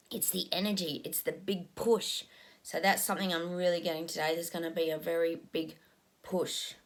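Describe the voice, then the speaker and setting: A woman talks through a psychic reading in a loose, unscripted way. Her voice sits fairly low, and she muses aloud with many ums as she describes images she says she is receiving. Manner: musing, frequent ums, describes visions as they come. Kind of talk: casual spoken psychic reading.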